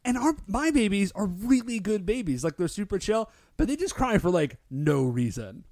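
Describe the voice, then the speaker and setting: Male co-host, bright upper register, gushing filler-heavy delivery. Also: high-pitched, normal speed, no echo, studio quality. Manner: excitable, filler-heavy with lots of "like". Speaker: podcast co-host. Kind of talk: casual recap chat.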